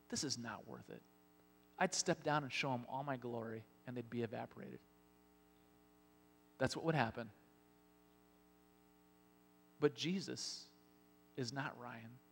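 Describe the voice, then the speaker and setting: A man preaching a sermon as pastor, telling Bible scenes with lively acted-out lines. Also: medium pitch, gravelly, slight background noise. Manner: animated storytelling, acting out Bible scenes. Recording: long hall reverb.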